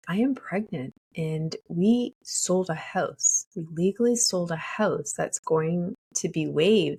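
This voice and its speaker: Husky, gravelly woman telling her story. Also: on the low side. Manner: candid, emotional, laughs often while telling. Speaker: podcast host. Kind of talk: personal storytelling monologue.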